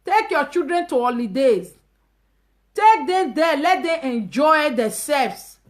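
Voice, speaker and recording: A woman speaking Nigerian Pidgin English, hosting a casual live stream and ranting emphatically and mockingly, with loud outbursts and low asides. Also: sing-song, slow. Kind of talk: animated casual rant.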